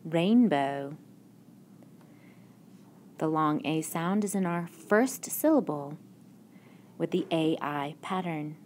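Woman teacher, lowish voice, unhurried and encouraging, faint hiss behind. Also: lively intonation, a little mellow. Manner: slow, patient, encouraging classroom delivery. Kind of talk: recorded phonics lesson. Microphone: tablet microphone.

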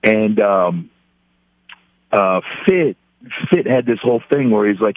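A man's voice: fairly low pitch, expressive, slow, no room sound, dull audio. A middle-aged man, a professional wrestler on a podcast, casually retelling a funny, self-deprecating anecdote and acting out the quotes.

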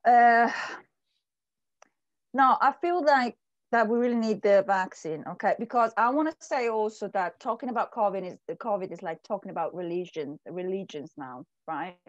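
A woman's voice: mid-range voice, normal speed, no room sound, highs cut off. A woman from Italy with an Italian accent, a guest on a casual podcast, searching for words and giving her opinions. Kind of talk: casual chat.

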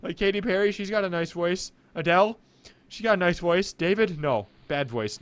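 A young man, reading game text and commenting, excitable and jokey. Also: high-pitched, normal speed, heavy background noise. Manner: excitable, jokey, thinking aloud. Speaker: gameplay commentator.

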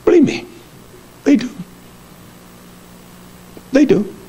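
A middle-aged man preaching a sermon, blunt and lively, jumping between high exclamations and low mutters. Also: takes it slowly.

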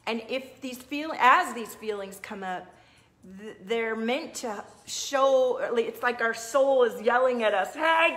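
A woman's voice: fairly high pitch, fairly bright tone. Earnest woman spiritual coach on a livestream. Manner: earnest, reads viewer comments aloud and answers them. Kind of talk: livestream talk to viewers.

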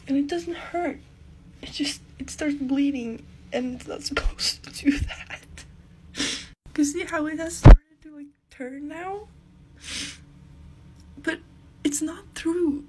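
A woman's voice: high-pitched, fairly even intonation, measured pace, darkish tone, a little hiss or hum. A young woman crying and frustrated, talking half in whispers and swearing often into a phone held close in a self-filmed vlog.

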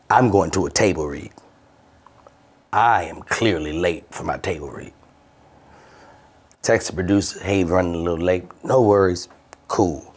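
A man hosting a podcast, telling a comedic story in an animated, profane way. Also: low voice, husky. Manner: animated, profane, swaps between voices. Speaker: podcast host.

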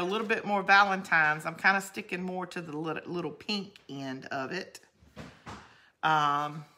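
A chatty woman hosts a live crafting stream, rambling cheerfully through her steps and poking fun at herself. Her voice sits a little low but comes across bright and forward, with a homey, talkative pace. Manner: chatty, rambling, self-deprecating, reads viewer comments aloud. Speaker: craft video host. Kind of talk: live-stream craft tutorial with chat reading.

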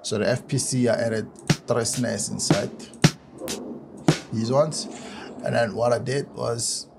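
A man from South Africa, a music producer, giving a relaxed step-by-step software tutorial on making a track. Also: medium pitch, takes it slowly, vocal fry.

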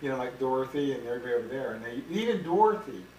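Man, mid-pitched, rambling reminiscence, roomy echo, distant mic. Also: big pitch swings, racing, darkish tone. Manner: rambling, reminiscing, self-correcting. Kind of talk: casual family conversation. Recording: echoey room, distant mic, faint hiss.

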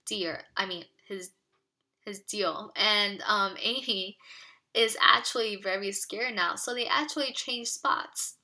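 A woman's voice: mid-range voice, takes it slowly. A woman teacher reading a picture book aloud to children, acting out the lines and stopping to ask questions and explain. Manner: expressive storytelling, asks children questions.

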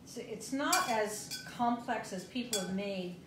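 A woman's voice: mid-range voice, animated, a little slow, background noise. A woman hosting a casual cooking demonstration, chatting in a rambling way with plenty of fillers. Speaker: host. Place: home kitchen. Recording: echoey kitchen with clattering dishes.

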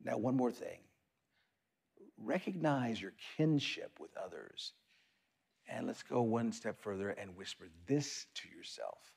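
A man preaching a sermon as pastor of an online worship service, reflective, drifting into soft whispers as he leads the listeners. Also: on the low side, big pitch swings, a little slow, creaky, slightly rough.

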